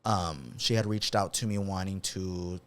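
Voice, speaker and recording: A man's voice: deep voice, measured pace, a bit bright. Casual, reactive male podcast co-host. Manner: reactive, gasps and laughs along, swears casually. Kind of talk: casual chat.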